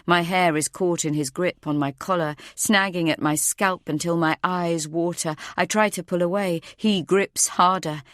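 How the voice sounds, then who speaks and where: A woman narrating a first-person thriller audiobook in a tense, measured way. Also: on the low side, steady tone, a bit bright, no room sound, studio quality.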